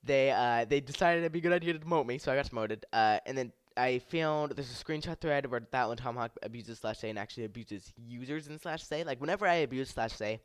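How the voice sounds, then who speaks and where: A young man telling a long gaming story in a casual vlog, rambling and saying "like" a lot, his pitch climbing when he replays his own anger. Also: fast talker, hardly any pauses, no room sound. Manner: rambling, heavy use of "like" and "I was like". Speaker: YouTuber and game server moderator.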